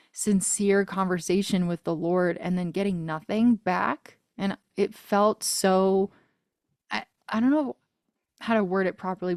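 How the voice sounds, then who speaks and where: A woman in her thirties, mid-range in pitch, telling an emotional personal story as an interview guest. She talks earnestly, laughing often and reaching for words with many fillers. Her voice is recorded close and dry, with no room sound. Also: darkish tone, dry recording. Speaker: guest singer-songwriter.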